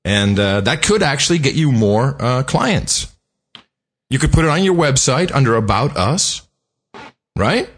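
A man co-hosting a podcast in casual chat, talking in a chatty way with many filler pauses. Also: medium pitch, expressive, fairly bright tone, breathy edge. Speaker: podcast co-host. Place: studio.

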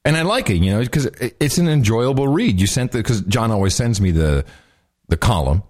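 A man co-hosting a podcast in casual chat, animated and joking, laughing often. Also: lowish voice, a little fast. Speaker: podcast co-host.

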